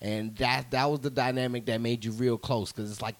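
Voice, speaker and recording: A man hosting a podcast in casual chat, an animated, profane storyteller who laughs often and acts out the people in his anecdotes. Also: mid-range voice, moderate pace. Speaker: podcast host.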